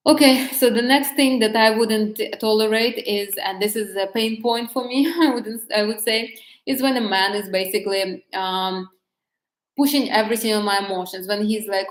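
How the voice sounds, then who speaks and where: A woman's voice: medium pitch, fairly even intonation, normal speed, echoey room. A woman talking candidly to camera about dating, chatty, with frequent restarts and light laughs. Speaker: vlogger giving dating advice. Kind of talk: casual talk to camera.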